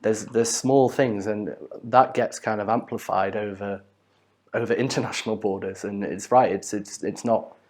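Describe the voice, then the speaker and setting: Easygoing man, lowish voice. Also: steady tone, normal speed, darkish tone. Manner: easygoing, joking, adds examples. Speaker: business advisor, podcast co-host. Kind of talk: casual conversational podcast chat.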